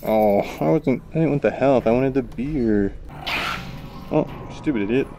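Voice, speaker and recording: A tired man giving goofy gameplay commentary into a VR headset, with excitable outbursts between quiet mutters. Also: medium pitch, measured pace, slight background noise. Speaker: gamer.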